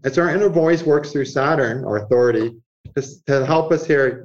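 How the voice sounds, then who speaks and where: A man, an astrologer guest in an interview, explaining ideas in a lively conversational way and acting out inner voices with frequent chuckles. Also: medium pitch, normal speed. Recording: muffled lo-fi sound.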